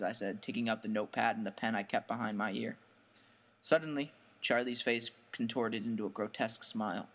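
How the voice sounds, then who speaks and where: A man narrating a first-person horror story in a measured, plain storytelling manner. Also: on the low side, steady tone.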